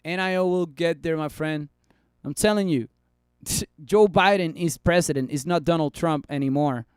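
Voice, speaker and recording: A man's voice: fairly high pitch, normal speed, clean tone, no echo. A man giving casual live stock analysis, chatty and bantering with his chat on a close mic. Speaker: stock market streamer.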